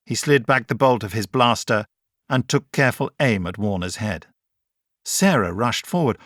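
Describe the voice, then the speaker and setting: A man reading an audiobook in scripted narration, measured and even. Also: mid-range voice, dry recording, studio quality.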